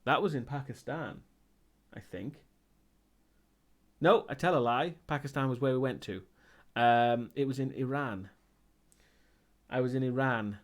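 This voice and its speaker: A man's voice: mid-range voice, measured pace, pauses often. A man streaming live and chatting casually as he answers viewer questions, rambling and hesitant, with many ums and restarts.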